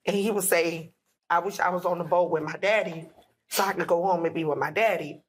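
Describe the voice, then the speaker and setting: A woman's voice: on the low side, fairly even intonation, a little fast. A woman, telling an emotional personal story as a podcast guest, acting out what everyone said. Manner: emotional, retelling dialogue with many "I said, he said".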